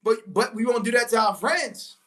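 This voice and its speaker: A woman giving a motivational talk to viewers, preachy and emphatic, repeating key lines, slowing on big points and breaking into excited exclamations. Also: on the high side. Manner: slows right down on key phrases. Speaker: motivational speaker. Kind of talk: live-stream motivational talk.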